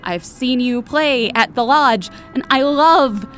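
A woman voicing a nervous, evasive female demon who is a mother in an audio drama, speaking in a hesitant, halting way. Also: sits high, a bit bright, faint music behind.

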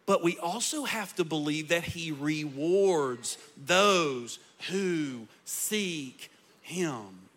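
With a bright, high-pitched voice, a man preaches to his congregation as their pastor. His sermon is animated yet extremely slow, each point building to greater intensity.

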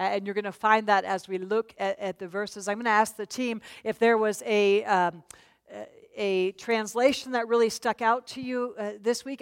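A woman leading a church Bible teaching, talking in a conversational way and inviting the congregation to read aloud. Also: medium pitch. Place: church meeting.

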